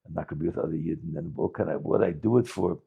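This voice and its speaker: A man voicing a simple innkeeper who is alone and despairing, speaking softly and haltingly in a story. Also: sits low, vocal fry, husky, narrow, tinny audio, voice pushed down, exaggerated voice. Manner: soft, mournful, halting.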